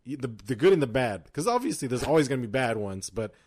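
A young man co-hosting a podcast, chatting in a relaxed way, laughing often and wrapping up the episode. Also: medium pitch, quick pace. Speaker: podcast co-host. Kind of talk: casual chat.

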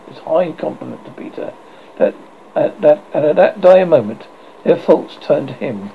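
Expressive male storybook narrator. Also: fairly high pitch, normal speed, gravelly, phone-quality sound, slight background noise. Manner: expressive, theatrical reading. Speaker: audiobook reader.

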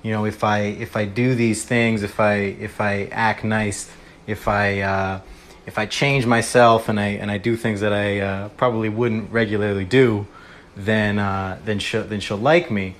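A man calling in, halting and restarting as he gives his opinion. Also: on the low side, fairly even intonation, slight background noise. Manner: halting, many fillers and restarts. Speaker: caller. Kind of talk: casual opinion talk.

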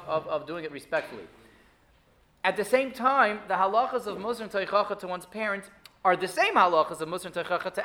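A man giving a Torah class, lively and full of rhetorical questions, often restarting his sentences. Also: high voice. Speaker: rabbi teaching a weekly class.

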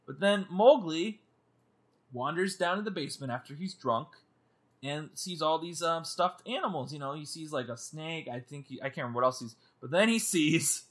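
Animated high-pitched man chatting. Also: moderate pace. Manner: animated, laughing, mock-screaming. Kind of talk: casual movie chat.

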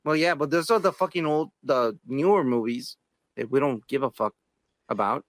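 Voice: mid-range voice, moderate pace, no echo. A podcast co-host in casual, profane chat who cuts in with dry, sarcastic jabs.

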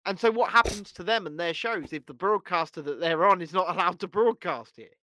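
A man co-hosting a casual podcast chat, animated and often stumbling over restarts. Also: high voice, brisk, dry recording. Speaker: podcast co-host.

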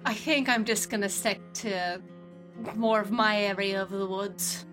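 A woman's voice: mid-range voice, steady tone, unhurried, over music. A woman playing a tabletop game, sheepish and laughing as she talks. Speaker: player. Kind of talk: casual tabletop game chat.

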